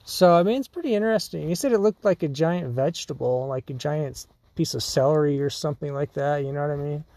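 A man's voice: on the high side, fast talker, dark tone, no room sound. A man hosting a podcast, telling a story in a casual, rambling way with many fillers and restarts. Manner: rambling, full of fillers and restarts, laughs often. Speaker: podcast host.

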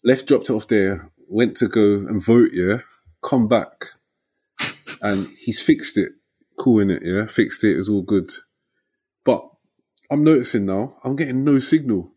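A young man telling a story in casual chat, lively and slangy, ending lines with "innit" and "yeah". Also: lowish voice, a little slow, slightly rough.

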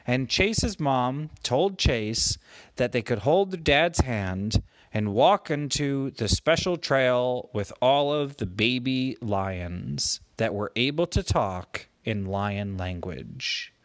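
A man slowly making up a gentle bedtime story for his child, with playful voices for the characters. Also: mid-range voice, expressive, no echo. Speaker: parent telling a bedtime story.

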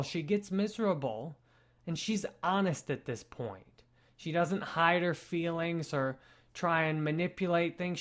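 A young man talking to camera at home in a calm, earnest and gently explanatory way. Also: on the high side. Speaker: spiritual vlogger. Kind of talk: reflective talk to camera.

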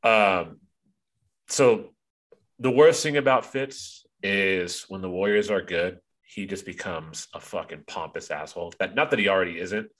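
A man's voice: low voice, unhurried, a bit bright. A man co-hosting a sports podcast in casual chat, ranting with profanity and plenty of ums. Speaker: podcast co-host.

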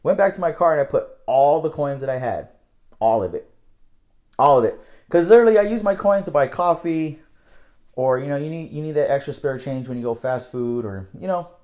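A man's voice: a little high, expressive, brisk, mellow. A young man telling a casual, candid story about his night-shift work, rambling and swearing freely.

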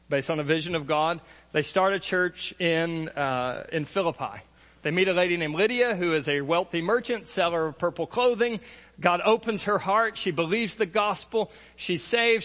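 A man's voice: sits high, a bit bright, in a large hall. A man preaching a sermon, retelling Bible stories in a casual, conversational way and acting out the quotes. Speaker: pastor.

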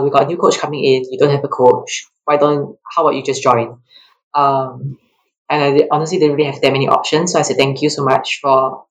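Animated woman telling stories. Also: poor audio. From Singapore. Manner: animated, laughing, acts out quotes with rising pitch. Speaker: track athlete guest. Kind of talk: casual interview storytelling.

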